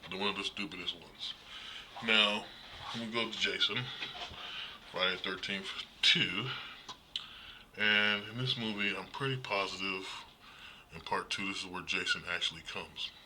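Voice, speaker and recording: A man giving a casual, rambling horror movie review, blunt and quick to laugh, with plenty of fillers. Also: low voice, background noise.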